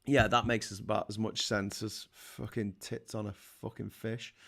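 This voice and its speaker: A man's voice: lowish voice, flat delivery, moderate pace, creaky, a bit bright. Sweary British man ranting on a livestream. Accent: British English. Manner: sweary, heated, sarcastic. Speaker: livestream host reading chat. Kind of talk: casual political rant.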